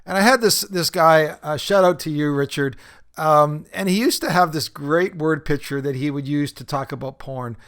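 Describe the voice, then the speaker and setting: A man's voice: on the high side, moderate pace, a bit bright. A man hosting a podcast, talking casually with many fillers and laughing at his own stories as he leads a recovery-group talk.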